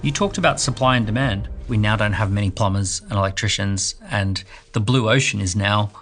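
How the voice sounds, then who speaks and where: A middle-aged man talking in an interview in a relaxed, reflective way. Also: fairly low pitch, fairly quick, faint music behind. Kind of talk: interview talk.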